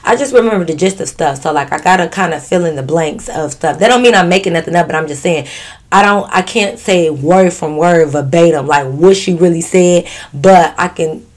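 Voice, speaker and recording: Low-voiced woman doing a storytime, blunt, swears a lot, real animated. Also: a little fast. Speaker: vlogger. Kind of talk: casual storytime.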